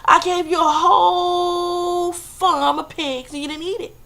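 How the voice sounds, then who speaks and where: A woman voicing God as a patient, fatherly deity in a high, gravelly voice. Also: unhurried. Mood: exasperated.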